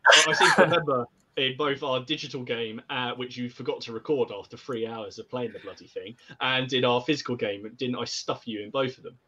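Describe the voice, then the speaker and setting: A man co-hosting a casual live podcast, teasing a fellow host in lively banter. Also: mid-range voice, a little fast, highs cut off. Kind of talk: casual livestream chat.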